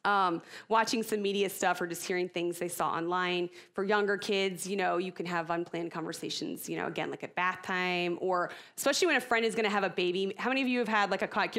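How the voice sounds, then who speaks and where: A middle-aged woman with a lowish voice gives church parents an expressive, casual talk, chatting away and laughing at herself.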